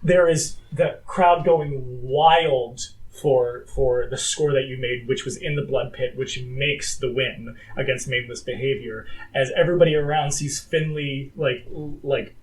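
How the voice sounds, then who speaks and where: A man narrating a tabletop game as game master, dramatic, with many fillers and slowed phrasing for emphasis. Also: mid-range voice, fairly even intonation, low-quality recording.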